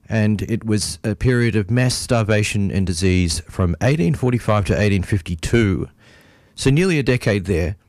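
A man presents a folk music hour on community radio, speaking in a lowish voice. He talks loosely, hesitating with uh and um and restarting phrases. The sound is dry and close, straight from a studio mic. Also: darkish tone, dry recording. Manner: hesitant, many fillers and restarts. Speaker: radio host.

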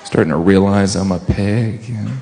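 A man's voice: sits low, normal speed, creaky, warm tone. A man doing a self-mocking stand-up routine, slipping into quoted voices as he goes. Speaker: stand-up comedian.

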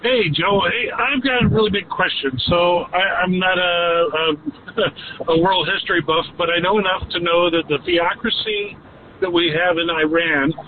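A man's voice: high voice, expressive, unhurried. A man calling in to a radio show, hesitant and searching for his words. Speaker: caller. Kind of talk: phone-in call to a radio show. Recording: phone line with faint noise.

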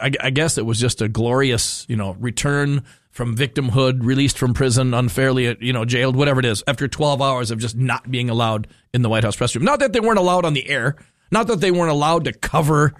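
In a dry studio with no echo, a mid-range male voice runs a talk radio show, cracking jokes and wandering through easygoing banter. His sentences often loosely restart.

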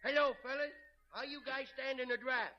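A man's voice: very high-pitched, steady tone, normal speed, over loud music. An actor playing a mischievous little boy who talks in ungrammatical kid speak, in an old-time radio comedy. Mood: sly. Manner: impish, ungrammatical kid talk. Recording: hissy lo-fi old radio recording.

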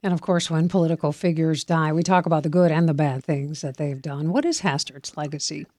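A woman hosting a radio news interview, asking questions calmly and formally. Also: low voice, a little fast, dry recording, studio quality. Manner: calm, formal. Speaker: radio host.

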